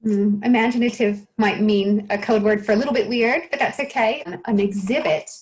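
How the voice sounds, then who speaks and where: A woman's voice: medium pitch, normal speed, rough recording. A woman, a children's author and illustrator, answering interview questions in a chatty, self-deprecating way with frequent restarts.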